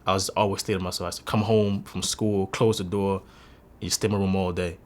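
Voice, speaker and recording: A man's voice: low voice, flat delivery, fast. A man in his twenties telling his own life story in an earnest, confessional and emotional way. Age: 20s. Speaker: interviewee sharing a personal story. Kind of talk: candid personal testimony.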